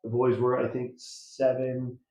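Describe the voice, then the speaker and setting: A man telling a family story as an interview guest, lively and laughing, acting out the quotes. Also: mid-range voice, unhurried. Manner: animated, laughing storyteller who acts out quotes. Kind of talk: casual storytelling. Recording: roomy, dull sound.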